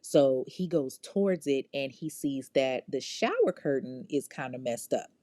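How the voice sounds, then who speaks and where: Low-voiced woman telling a crime story. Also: a little slow, warm tone, no echo, studio quality. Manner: casual, slangy, profane, talks to listeners directly. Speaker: podcast host.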